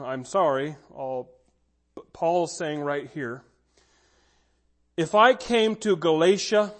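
A male pastor preaching a sermon, emphatic, slowing down to stress his key words. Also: fairly high pitch. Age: adult with a child.

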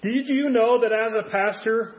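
A man's voice: extremely high pitch, moderate pace, highs cut off. A man preaching a conversational sermon as a pastor, full of rhetorical questions.

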